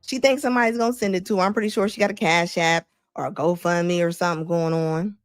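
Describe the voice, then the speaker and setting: A woman's voice: lowish voice, fairly even intonation, quick pace, dry recording, clean studio sound, soft background music. A woman host doing casual livestream commentary, chatty and slangy, laughing as she gives her opinions.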